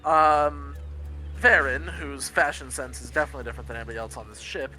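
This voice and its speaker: A man's voice: mid-range voice, steady tone, a little fast, pushed and bright, soft background music. A man narrating as game master of a tabletop game, describing scenes in a rambling, self-correcting way.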